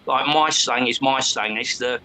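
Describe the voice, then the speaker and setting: A man's voice: medium pitch, unhurried, bright, forceful tone, a little hiss or hum, poor audio. A man from England, chatting bluntly and swearing freely. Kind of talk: casual chat.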